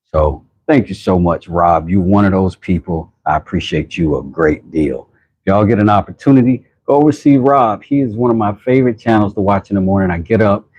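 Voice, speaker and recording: Husky low-voiced American man chatting live. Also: brisk. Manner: rambling, warm shout-outs, laughs often. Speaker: channel host. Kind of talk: casual livestream chat with viewers. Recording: dull lo-fi sound.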